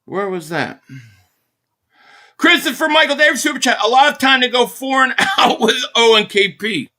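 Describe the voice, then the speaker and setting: With a very high voice at a moderate pace, a Philadelphia-area man runs a live football reaction stream. He provides excitable fan commentary on plays and reads out super chats from viewers.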